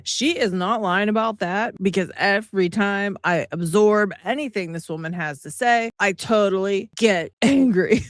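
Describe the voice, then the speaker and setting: A woman's voice: mid-range voice, normal speed, hardly any pauses. A woman talks straight to her viewers, exasperated and sarcastic as she reacts to clips. Her voice sits in an ordinary middle range. The sound is dry and close, with no room echo. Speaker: commentary channel host. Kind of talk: reaction commentary.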